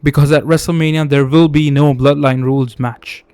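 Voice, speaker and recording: A man's voice: on the high side, fairly even intonation, moderate pace, a little mellow, clear, resonant tone, no echo, natural voice. Grim retiring wrestler, as a man reads him. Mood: remorseful. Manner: solemn, remorseful. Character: grim male wrestler announcing his retirement.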